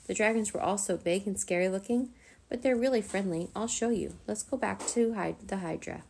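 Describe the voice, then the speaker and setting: A woman reading the part of a kind young boy who speaks gently and encouragingly. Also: mid-range voice, fairly quick, creaky, a little hiss or hum, natural voice. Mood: gentle. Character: kind young boy dragon master, reassuring.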